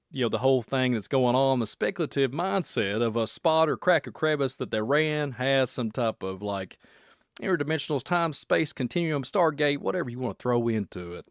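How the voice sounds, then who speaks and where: Kentucky man hosting a livestream, mid-pitched, wanders and jokes, close dry sound. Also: lively intonation, brisk, no echo. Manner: rambling, speculative and joking. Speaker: podcast host. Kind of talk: casual livestream chat.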